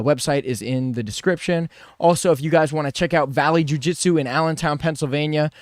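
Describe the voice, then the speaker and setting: A man's voice: medium pitch, clean tone, dry recording, clean studio sound. Young man casually hosting a podcast. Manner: loose, storytelling, swears casually. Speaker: podcast host. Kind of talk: casual chat. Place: inside a parked bus on a street.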